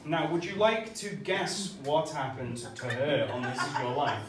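In a small club, a man with a fairly high voice delivers stand-up at a measured pace, swearing and chatting with the crowd. Audience laughter fills the background of this distant, echoey live recording with heavy noise.

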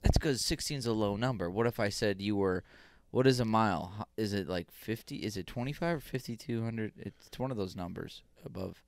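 A man's voice: fairly low pitch, fairly quick, no room sound. Teasing man in podcast banter. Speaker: podcast co-host. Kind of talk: casual chat.

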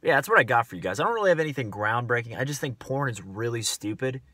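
Young man, vlog rant, blunt, profane, rambling, bright forceful voice. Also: medium pitch, animated, fast, no room sound. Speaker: vlogger. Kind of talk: casual rant to camera.

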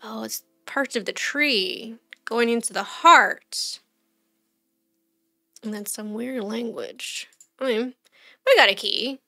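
A woman's voice: a little high, slow pace, pauses often, bright, forceful tone, no echo, studio quality, faint music behind. A woman streamer giving casual let's-play commentary, chatty, thinking aloud and quizzing the game characters.

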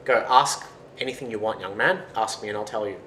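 Blind hairy giant hermit, loud and raised in pitch, as a male storyteller puts him on; roomy room, faint hiss. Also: a little fast. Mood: helpful.

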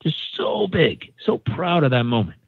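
A man's voice: on the high side, measured pace, gravelly, slightly rough, no room sound. A man from San Diego telling a story as a podcast guest, acting out the people in it. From San Diego, United States. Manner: animated storyteller, acting out quoted voices. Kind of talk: casual storytelling. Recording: dry, phone-like narrow sound.

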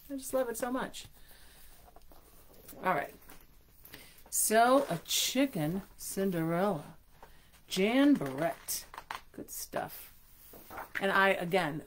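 A woman hosting a storytime and reading a picture book aloud, breaking into gushing, chatty asides. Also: on the low side. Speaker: storytime host.

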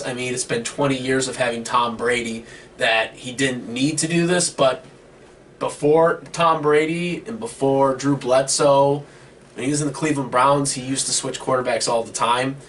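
A man's voice: medium pitch, a bit bright. A man with a mid-range voice talks through his sports picks in a casual chat, hesitating with fillers as he goes. He sounds distant from the mic on an online call, with faint background noise. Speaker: co-host making picks.

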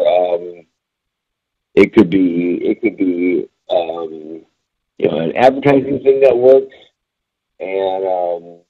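A man talks through a small business webinar like a storyteller, his pitch swinging widely and his low voice gravelly and husky. He fills his speech with casual fillers. The audio sounds dull and lo-fi. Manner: lively storyteller, frequent fillers. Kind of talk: conversational webinar talk.

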